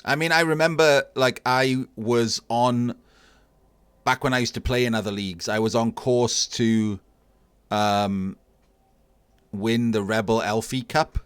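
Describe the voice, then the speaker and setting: A man casually commentating a video game tournament match, analysing plays in a relaxed, thinking-aloud way. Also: medium pitch, unhurried, smooth, dry recording. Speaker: tournament caster.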